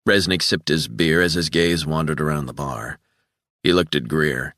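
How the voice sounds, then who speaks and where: Deep, bright male audiobook narrator. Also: fairly even intonation, moderate pace, dry recording, studio quality. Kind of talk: scripted narration.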